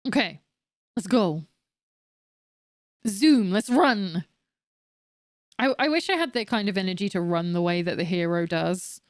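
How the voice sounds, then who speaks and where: A woman's voice: fairly low pitch, fairly quick, smooth, no room sound, studio quality. A woman in her late thirties streaming a game, talking frankly and swearing while she rants and jokes. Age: late 30s. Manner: frank and sweary, ranting with laughs. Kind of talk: casual game stream chat.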